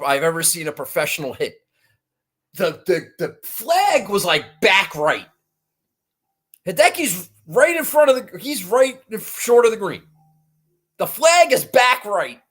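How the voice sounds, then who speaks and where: A podcast host vents about a bad golf weekend in a casual recap. The delivery is exasperated and animated, full of swearing, restarts and sudden rising outbursts. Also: medium pitch.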